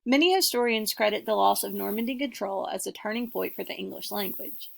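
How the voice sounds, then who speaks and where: A young woman giving a class presentation, reading her points in an earnest, measured way. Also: mid-range voice, gravelly. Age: young adult. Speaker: student presenter. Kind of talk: class presentation, read from notes.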